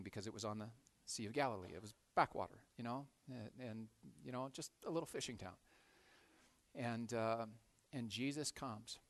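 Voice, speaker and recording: A man preaching a sermon, telling a story with animated swings from loud to hushed and frequent repeated words. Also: mid-range voice. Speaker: pastor.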